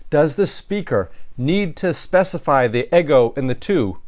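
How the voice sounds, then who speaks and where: A Latin teacher's recorded lecture has him methodically explaining sentences step by step, with some fillers and self-corrections. His fairly high voice is animated with a darkish tone, delivered at a measured pace.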